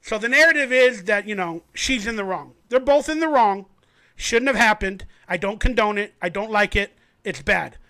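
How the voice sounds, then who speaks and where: A man hosting a fan livestream, telling a story in an animated, rambling way. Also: sits high, moderate pace. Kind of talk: casual sports commentary.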